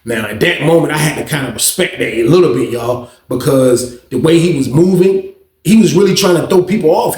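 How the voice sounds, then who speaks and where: A man casually telling a story to his viewers in a slangy, profane, animated way, full of asides. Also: mid-range voice. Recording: roomy echo.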